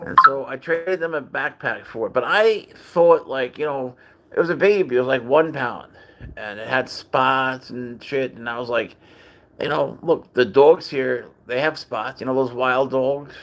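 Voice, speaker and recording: A man's voice: medium pitch, a little slow, fairly bright tone. A man hosting a casual livestream, telling a long rambling story in a chatty, profane way and greeting viewers. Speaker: livestream host and cat owner.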